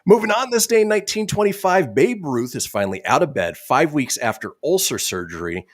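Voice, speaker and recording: A man's voice: fairly high pitch, big pitch swings, a little fast, no echo. Wry man hosting radio, dry studio sound. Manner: reading history facts with wry asides. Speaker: radio show host. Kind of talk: casual comedy radio banter.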